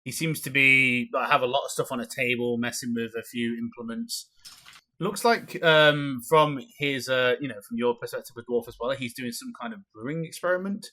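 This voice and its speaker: A dungeon master narrates the scene in a casual, halting way. His voice is bright and forward, at a middle pitch for a man. He fills his pauses with ums and uhs. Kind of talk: narrating a tabletop game.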